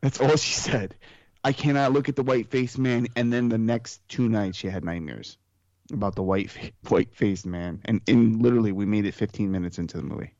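A man in casual podcast chat, spinning animated stories and mimicking the people in them. His voice sits dry and close, with a dull, slightly muffled tone. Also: lowish voice, fairly quick, no room sound.

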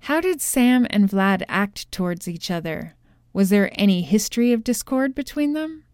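A woman voicing a sharp courtroom questioner who probes and presses a witness, in a storybook reading. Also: medium pitch, lively intonation, moderate pace, no echo, studio quality, close to an everyday voice. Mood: pressing. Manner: probing, insistent questioning.

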